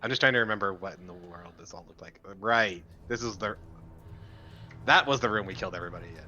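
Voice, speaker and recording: A man with a lowish voice rattles off quick, unsure questions to the rest of the table. His tone is bright and tight. The audio is dull and lo-fi. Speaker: player. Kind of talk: casual chat at a game table.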